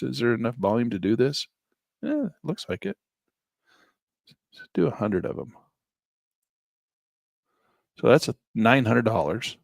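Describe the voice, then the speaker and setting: Middle-aged guy walking thru options trades live, gravelly voice, lively ups and downs, dry close sound. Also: on the low side, no echo. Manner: thinks aloud, casual and joking. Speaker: trading instructor. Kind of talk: live screen-share trading walkthrough.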